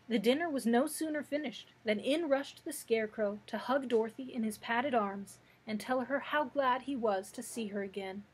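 A woman librarian reading a children's book aloud in a clear, measured storytelling manner. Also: a little high, rough recording.

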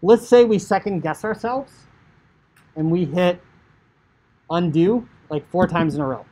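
A man teaching high school computer science, talking casually through code on screen, often saying "like" and acting out what a user might think. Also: animated, a little slow, dark tone, poor audio. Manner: chatty, filler "like", acts out inner thoughts. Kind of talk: casual coding screencast lecture.

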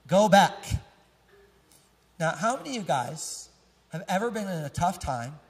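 A man in his thirties preaching a sermon as pastor, conversational and lively, polling the congregation and joking as he corrects himself mid-sentence. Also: high-pitched, normal speed. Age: 30s. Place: church sanctuary. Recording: long church hall reverb.

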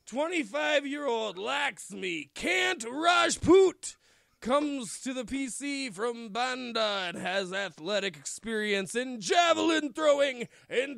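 A man's voice: very high voice, expressive, slow pace, creaky, fairly bright tone, no echo, clean studio sound. A man co-hosting a podcast, reading wrestling news and breaking into laughter. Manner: laughs through his reading. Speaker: podcast co-host. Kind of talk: casual comedic chat.

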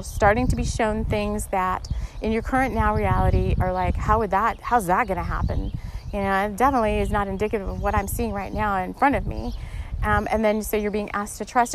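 A woman's voice: medium pitch, a little hiss or hum. A woman hosting a spiritual podcast, talking casually and earnestly, rambling with many restarts and getting emotional. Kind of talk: casual spiritual guidance talk.

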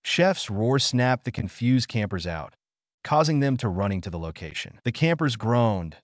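A man's voice: medium pitch, sing-song, normal speed, no echo, clean studio sound. A man narrating fan fiction aloud in a storytelling cadence.

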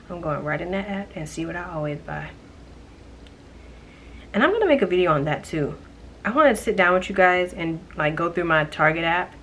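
A woman's voice: fairly low pitch, slight background noise. A young woman vlogging on her phone, chatting about errands and ranting animatedly about a delivery mix-up. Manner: chatty, animated storytelling with exasperated outbursts. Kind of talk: casual vlog chatter. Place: home, then out running errands. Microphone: phone camera. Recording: clear background music.

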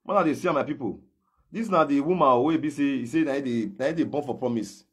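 A man's voice: mid-range voice, fast talker, a bit bright, husky. A man with a Nigerian Pidgin English accent, confronting someone in a heated gossip commentary. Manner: confrontational, calls out and challenges directly. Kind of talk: ranting social media commentary.

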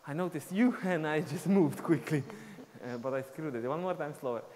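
A man's voice: fairly high pitch, moderate pace, darkish tone. Man counting dance beats in a reverberant studio. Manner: counts beats aloud while dancing. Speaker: dance teacher. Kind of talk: live online dance class, counting steps. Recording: long reverb, faint ambient noise.

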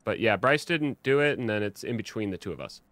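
A man streaming a game and chatting casually with friends, swearing and reacting quickly. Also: lowish voice, expressive, fairly bright tone. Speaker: gaming streamer. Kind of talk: casual gaming chat with friends. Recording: faint background noise.

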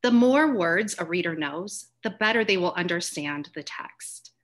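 A woman's voice: fairly low pitch, expressive, a little slow. A woman presenting reading activities in a live session, explaining each step informally with a few fillers.

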